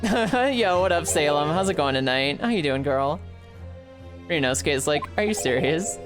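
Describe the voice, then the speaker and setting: A woman's voice: deep voice, moderate pace, music in the background. A woman streaming a game live, chatting with viewers, laughing often and swearing freely. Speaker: VTuber streamer. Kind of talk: live gameplay commentary with chat.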